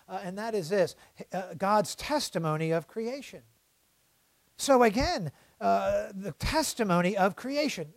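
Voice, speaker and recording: A man preaching a sermon in a strikingly high voice, building to shouted cries and then dropping to near-murmurs. He strings phrases together with "uh" fillers. The sound is close and dry with no room echo. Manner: impassioned, swings from loud outbursts to hushed low delivery.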